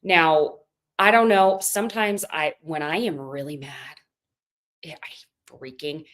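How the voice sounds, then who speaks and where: A woman's voice: deep voice, slow pace. A woman co-hosting a podcast, chatting casually and animatedly as she recaps a reality show. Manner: chatty, animated, quotes others in put-on voices. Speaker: podcast co-host.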